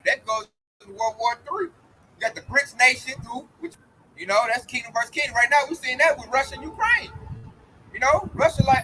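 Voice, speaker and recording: High, bright-voiced street preacher man. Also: moderate pace, husky, low-quality recording. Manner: loose, animated preaching with slang. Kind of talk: street sermon.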